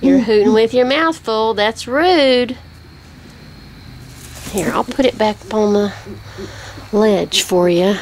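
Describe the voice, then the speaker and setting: A woman's voice: on the high side, slow pace, long pauses, a little hiss or hum. A woman who teaches about birds of prey, chatting casually outdoors by a barn and cooing baby talk to her birds. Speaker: bird of prey educator.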